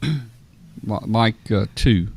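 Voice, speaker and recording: A man hosting a casual radio roundtable, folksy and often clearing his throat. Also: lowish voice, drawn-out words, darkish tone, slight background noise. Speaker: host.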